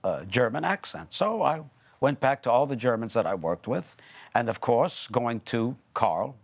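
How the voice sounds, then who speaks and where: An older actor talking in a relaxed interview, telling stories with animated delivery. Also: male voice, measured pace. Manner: animated storyteller, lively pitch, acts out quotes. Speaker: actor and guest. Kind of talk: casual interview chat.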